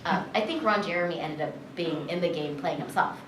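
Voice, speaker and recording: A chatty woman voice actress spins anecdotes in a loose, filler-filled way at a convention interview. Her fairly low voice sounds distant from the mic in an echoey room, with steady background chatter behind her. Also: brisk, slight background noise. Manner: chatty, filler-heavy, animated retelling. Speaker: voice actress and director. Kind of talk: convention panel interview, storytelling.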